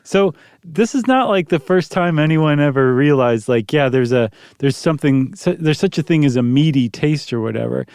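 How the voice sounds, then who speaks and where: Jokey higher-voiced man co-hosting. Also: expressive, normal speed, few pauses, a little mellow, clear, resonant tone, no echo, studio quality. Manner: jokey, laughs often. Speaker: podcast co-host. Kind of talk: casual chat.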